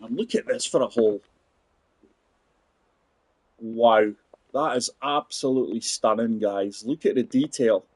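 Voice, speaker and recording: This gaming channel host, a man in his forties, rambles casually while playing a golf video game and addressing his audience. He speaks at a measured pace in a mid-range voice with a breathy edge, pausing often, and the recording is dry.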